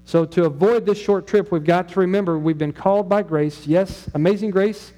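Middle-aged male pastor, sermon delivery, warm, higher-pitched voice, chatty and questioning. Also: moderate pace. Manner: conversational, asks the congregation questions.

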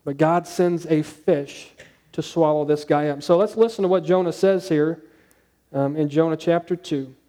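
A man preaching a conversational sermon, asking his listeners questions and dropping to a hushed tone on key points. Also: fairly high pitch, steady tone, normal speed. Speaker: pastor.

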